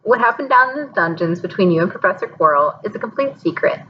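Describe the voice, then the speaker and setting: Gentle wry old headmaster, calm and measured, woman reading, kinda muffled. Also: medium pitch, slight background noise, natural voice.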